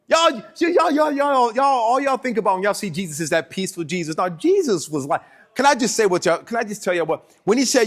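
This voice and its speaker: Southern male pastor, higher-pitched voice, lively emphatic sermon delivery. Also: quick pace. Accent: Southern American. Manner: animated preaching with laughs and emphatic repeats. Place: church sanctuary.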